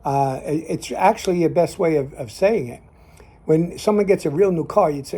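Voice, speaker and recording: A man's voice: a little high, normal speed, dark tone, breathy edge. An older man from New Jersey with a Jersey accent, talking in a casual, rambling monologue full of fillers. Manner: rambling, repeats himself, trails off in fillers. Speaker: host.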